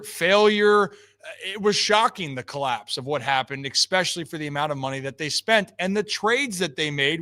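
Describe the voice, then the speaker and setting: Joking, animated male show host. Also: high-pitched. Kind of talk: casual chat and ad read.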